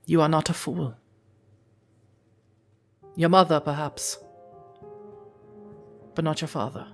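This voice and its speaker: A stern werewolf mother, blunt and cutting, speaks in a low, firm woman's voice, put on by a storyteller in a tabletop game. The tone stays measured and hard, with faint music underneath. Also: fairly even intonation.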